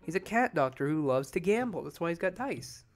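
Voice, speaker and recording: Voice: medium pitch, sing-song, fairly quick, faint music behind. Sleepy, swearing casual game commentator. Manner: sleepy, profane, rambling. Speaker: let's play commentator. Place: home.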